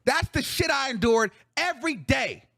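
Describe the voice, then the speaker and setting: A man's voice: very high voice, sing-song, moderate pace, pushed and bright. A male show host in a heated, profane reaction rant, venting with repeated phrases.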